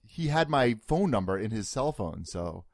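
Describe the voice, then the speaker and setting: Low-voiced laid-back male podcast host. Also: normal speed, dry recording, studio quality. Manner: relaxed, joking, laughs often. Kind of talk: casual chat.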